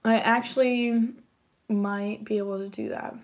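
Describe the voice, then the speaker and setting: A young woman chatting casually on a livestream, giggling and reacting excitedly to viewer comments. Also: mid-range voice, unhurried. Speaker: livestream tarot reader.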